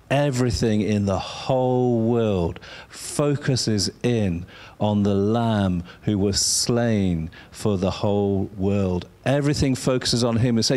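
A man preaching a sermon, drawing words out for emphasis and sometimes dropping to a soft whisper. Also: fairly low pitch. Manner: slow, drawn-out emphasis, dropping to a whisper at times.

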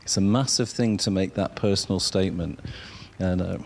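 A man preaching an informal sermon, halting and repeating himself as he coaxes listeners to speak along. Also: low voice, creaky, a little hiss or hum.

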